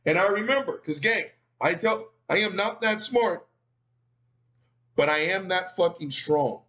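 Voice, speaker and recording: A man telling a profane, animated story, calling his audience "gang.". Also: high-pitched, measured pace.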